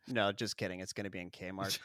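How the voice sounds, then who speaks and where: A man hosting a casual film-review podcast, talking in a wry, jokey way with quick asides and frequent laughs. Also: sits low, sharp tone, no echo, studio quality. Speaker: podcast host.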